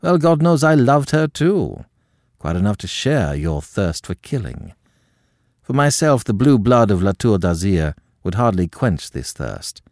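A man's voice: on the low side, sing-song, measured pace, a little mellow, dry recording, clean studio sound. A man playing an icy, cynical avenger. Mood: icy contempt. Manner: cutting, contemptuous. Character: cold, cynical young man, icily menacing.

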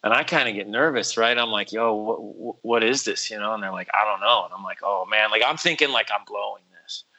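A man telling a story in casual chat, animated and acting out quotes in other voices, with lots of "like" and "bro". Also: fairly low pitch, a little fast, hardly any pauses, lo-fi sound.

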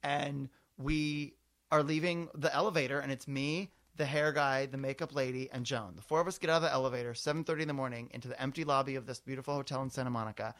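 A man co-hosting a podcast, telling animated anecdotes in casual chat, full of fillers. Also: medium pitch, quick pace. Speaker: podcast co-host.

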